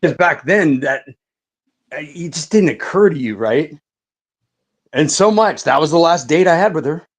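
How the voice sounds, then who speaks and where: A man's voice: a little high, animated, normal speed, pauses often. Middle-aged guy telling stories on a podcast, swears constantly, tons of "like" and "right?". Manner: swears a lot, says "like" and "right" often. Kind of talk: casual podcast storytelling.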